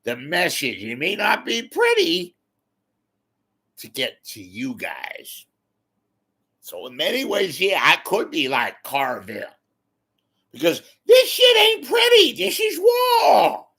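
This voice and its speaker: A man impersonating a blunt, profane male political strategist who rants in shouting bursts. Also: a little high, huge pitch swings, slow, vocal fry, long pauses, husky, voice pushed up, exaggerated voice.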